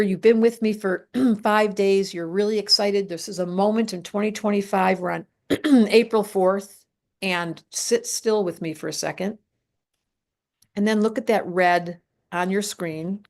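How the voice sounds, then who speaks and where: A woman's voice: medium pitch, normal speed. An older woman presenting a live online astrology class, talking emphatically and directly to her viewers. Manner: animated, emphatic teacher addressing viewers directly.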